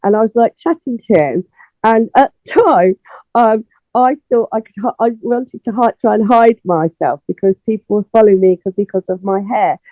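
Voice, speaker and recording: A woman's voice: medium pitch, moderate pace, dry recording. A middle-aged woman, telling stories as an interview guest and acting out the dialogue, with plenty of fillers. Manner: animated storyteller, acts out dialogue, many fillers. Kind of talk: casual interview storytelling. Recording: tinny phone line, dry.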